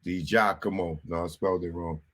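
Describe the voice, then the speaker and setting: A man's voice: low voice, steady tone, a little fast, fairly bright tone. A man hosting a casual livestream, rambling and talking to himself while he sounds things out. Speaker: host.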